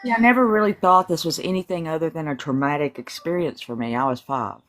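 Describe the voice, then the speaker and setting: An adult telling a personal story in a casual group chat, animated and acting out quoted lines. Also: medium pitch, fast, soft background music.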